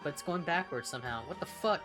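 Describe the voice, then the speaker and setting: Low-voiced, profane young woman streamer. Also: lively intonation, fast, over music. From California, United States. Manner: blunt, profane, laughs often. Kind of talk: casual chat while reading along.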